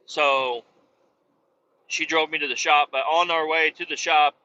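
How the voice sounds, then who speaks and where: Podcast host, man, very bright, forceful voice, slightly high, muffled lo-fi sound, profane animated storytelling. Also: measured pace, slight background noise. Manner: profane, animated retelling with quoted dialogue. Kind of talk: casual storytelling.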